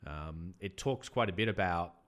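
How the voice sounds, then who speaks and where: An Australian man with a very low, deep voice chats casually about books as a podcast co-host. He talks in a relaxed way, hesitating often and filling gaps with ums. His speech is unhurried and conversational. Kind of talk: casual book chat.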